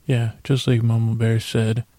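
A podcast host speaks a little slowly in a warm, mid-range monotone with no echo. His casual thank-you segment is playful and rambling, as he thanks listeners and talks to creatures that aren't there.

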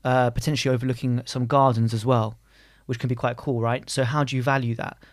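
A man co-hosting a laid-back podcast, talking through a point in a rambling way and laughing at himself. His voice sits at a middle pitch, recorded close to the mic in a small, dry room. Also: little pitch movement, a little fast, dry recording. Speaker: podcast co-host, real estate advisor. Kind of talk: casual podcast chat. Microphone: close studio mic.

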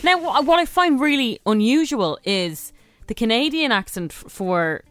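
A woman's voice: fairly high pitch, animated, normal speed, fairly bright tone. A woman from Ireland co-hosting a radio show, chatting in a candid, easygoing way. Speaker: radio co-host. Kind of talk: casual chat.

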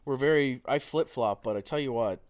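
A man's voice: mid-range voice, a little fast. Laughing, swearing podcast co-host man. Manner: laughing, profane banter. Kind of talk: casual comedy podcast chat.

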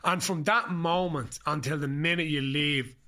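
An Irish man guesting on a podcast, telling stories in a lively, swearing way full of fillers and restarts. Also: a little high, normal speed. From Ireland. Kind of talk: casual storytelling chat.

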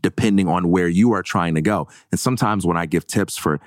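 A man with a lowish voice tells stories animatedly, tossing in playful examples. His delivery is warm and conversational. The sound is dry and close. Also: fairly quick, dry recording. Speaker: podcast guest. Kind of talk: casual podcast discussion.

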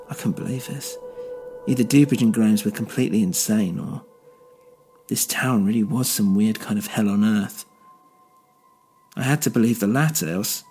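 Guy narrating a story in first person, steady and low, faint music behind.

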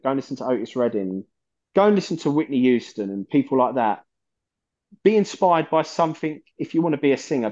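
A man's voice: medium pitch, a little mellow, dull audio. A man, a guest on a metal podcast, talking passionately and rambling, with plenty of swearing. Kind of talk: casual chat.

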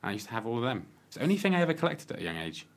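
A man's voice: mid-range voice, big pitch swings, very fast. A British man chatting casually on a podcast and tossing in short remarks. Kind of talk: casual banter.

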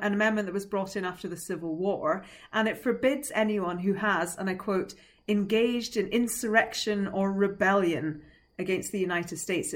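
A woman talks through the politics in a measured, explanatory way, the way a teacher would. She sounds like she is thinking aloud and now and then gives a small laugh. Her voice sits at a middle pitch. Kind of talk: analytical podcast discussion.

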